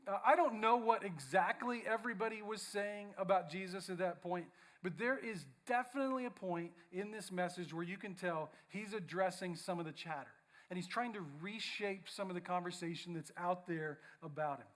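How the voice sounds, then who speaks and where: High-voiced man preaching with humor. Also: normal speed, fairly bright tone. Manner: playful, reads mock social posts aloud. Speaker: pastor. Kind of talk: humorous sermon. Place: church.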